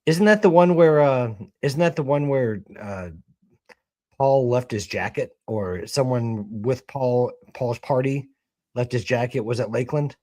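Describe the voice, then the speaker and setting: A man at mid pitch who rambles with fillers and jokingly ribs his co-hosts in a casual sports chat. The mic is dry and close. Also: measured pace, darkish tone, no echo. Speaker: co-host.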